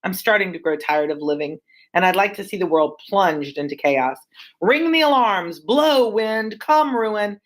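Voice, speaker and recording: A woman's voice: mid-range voice, lively intonation, a little slow, close to an everyday voice, rough recording. A woman reading the part of a weary, doomed king aloud from the text in a classroom read-aloud of a play. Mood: grim. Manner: reads the lines aloud from a text. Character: weary doomed Scottish king Macbeth, man.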